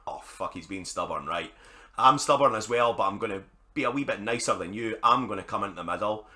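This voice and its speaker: A man's voice: medium pitch, pushed and bright. Blunt, sweary Scottish man. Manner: blunt and sweary, chatty asides. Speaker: gaming YouTuber. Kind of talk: casual gameplay commentary.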